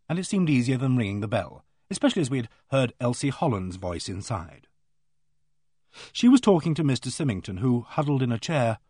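A man's voice: mid-range voice, darkish tone, husky, no room sound, studio quality. A man narrating an audiobook in a composed first-person storytelling manner.

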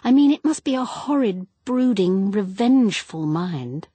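A woman voicing a superstitious, gloomy young wife in an audiobook, speaking softly and earnestly. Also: mid-range voice, expressive, unhurried, breathy edge, dry recording, pitched above the performer's own voice. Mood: uneasy. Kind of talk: audiobook character reading.

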